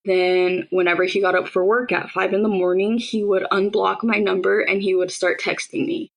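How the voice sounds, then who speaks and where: A young woman recounts a hard personal story in a candid, matter-of-fact way, quoting conversations as she goes. Her voice sits at a middle pitch with a strong gravelly fry running through it. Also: little pitch movement, moderate pace, few pauses, rough recording. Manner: candid, matter-of-fact retelling with quoted dialogue. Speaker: survivor telling her story.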